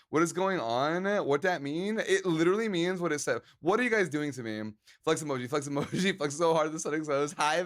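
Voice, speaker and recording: A man's voice: on the high side, a bit bright. A man live-streaming and chatting casually with his viewers, joking around and laughing often.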